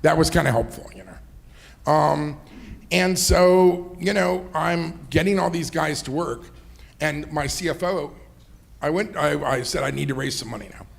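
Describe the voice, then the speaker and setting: Here a middle-aged entrepreneur and investor speaks a little slowly, his voice on the high side with vocal fry. He's an interview guest in a fireside chat, drifting through anecdotes with plenty of laughs and "you know"s.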